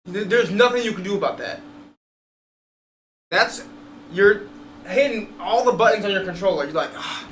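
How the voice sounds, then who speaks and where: A man on a live stream, reacting to a video in excitable, profane bursts. His voice sits a bit high with a bright, sharp edge. The sound carries a roomy echo. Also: a little hiss or hum. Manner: profane, excitable, laughing commentary.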